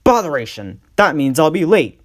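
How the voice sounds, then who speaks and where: A bossy, boastful engine with an impatient, blustering delivery, as a man acts him out in a storybook drama. His voice sits higher than usual and comes out loud. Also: sing-song, normal speed.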